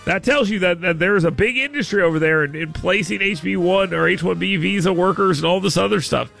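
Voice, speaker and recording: A man hosting a casual news commentary show, animated and quick to exclaim, restarting his sentences often. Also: high voice, creaky, faint music behind. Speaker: show host.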